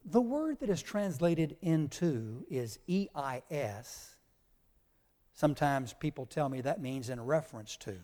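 Here a man preaches a sermon, emphatically spelling out Greek words for the people listening. His somewhat high voice has a warm tone and a sing-song, unhurried delivery, heard through long hall reverb.

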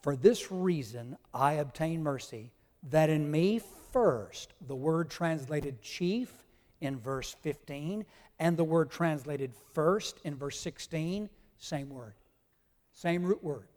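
A man's voice: fairly high pitch, lively intonation, slow pace, darkish tone. A male pastor preaching a sermon, teaching emphatically and spelling out Greek words to his congregation. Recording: long hall reverb.

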